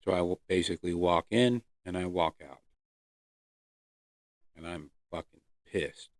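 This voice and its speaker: A man hosting his own podcast, earnestly telling his personal recovery story with pauses and fillers. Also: deep voice, dry recording, clean studio sound. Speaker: podcast host. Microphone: close podcast mic.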